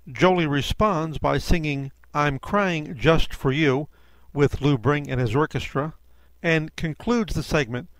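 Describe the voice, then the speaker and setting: A man narrating a podcast introduction in a measured, explanatory way. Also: a little high, no room sound, rough recording. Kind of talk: scripted narration.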